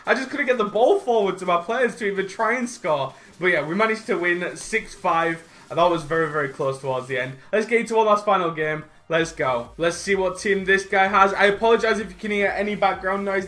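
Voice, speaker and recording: A young man giving live commentary over his own gameplay from home, swinging from excited cheering to frustrated outbursts. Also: high-pitched. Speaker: gaming youtuber. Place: home room by a window.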